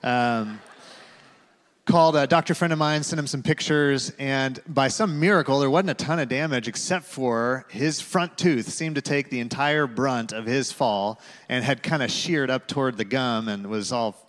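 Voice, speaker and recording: A male pastor giving a sermon, telling a personal story in a conversational way with fillers and dropping to a hush for quotes. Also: mid-range voice, moderate pace. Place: large church auditorium. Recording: reverberant hall.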